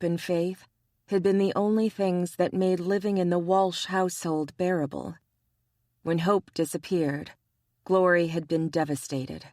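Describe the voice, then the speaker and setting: A woman narrating an audiobook romance in a measured, even reading style. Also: on the low side, no room sound, studio quality. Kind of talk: scripted narration.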